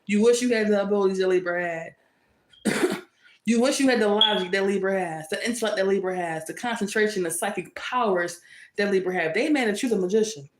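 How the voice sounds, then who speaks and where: A woman's voice: mid-range voice, brisk. Sassy woman tarot reader, echoey room. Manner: sassy and teasing, laughs often, repeats for emphasis. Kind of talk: casual tarot reading monologue. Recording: roomy echo.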